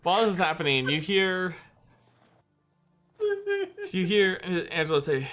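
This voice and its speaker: A man's voice: on the high side, a little slow, long pauses, fairly bright tone, soft background music. A man running a tabletop game as game master, narrating casually with many restarts.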